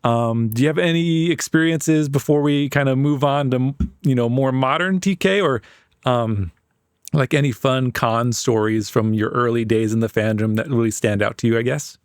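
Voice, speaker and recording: A man hosting a podcast interview, asking relaxed, gentle questions. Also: medium pitch, normal speed, clean tone, dry recording, studio quality. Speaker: podcast host. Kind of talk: casual interview.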